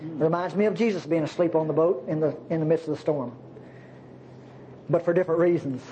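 A man's voice: fairly high pitch, brisk, warm tone, slight background noise. A man preaching a sermon, teaching the Bible in a folksy, chuckling way. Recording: dull lo-fi sermon recording.

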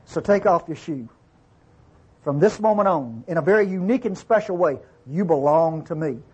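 A man teaching from the Bible in a relaxed, conversational way. He reads verses aloud, explains them, and keeps checking in with his listeners. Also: high-pitched, a little fast, husky.

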